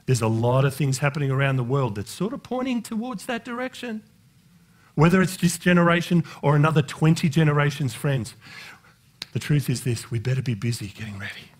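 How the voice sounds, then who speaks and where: A man's voice: lively intonation, a little fast. A male pastor preaching a sermon, joking with the congregation and rising into impassioned preaching. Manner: jokey, conversational, talks directly to the congregation; builds into impassioned, high-pitched preaching.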